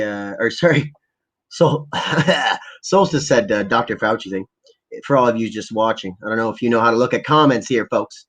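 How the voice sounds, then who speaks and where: A man's voice: mid-range voice, normal speed, a bit bright. A man hosting a casual livestream, ranting about politics in profane, rambling bursts and reading out viewer comments. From Canada. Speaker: livestream host.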